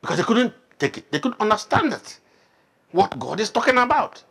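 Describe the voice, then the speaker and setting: Animated preacher man. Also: high voice, a little fast, gravelly, husky. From Nigeria. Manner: quizzes the congregation with frequent questions. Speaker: pastor. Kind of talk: interactive sermon, Bible study.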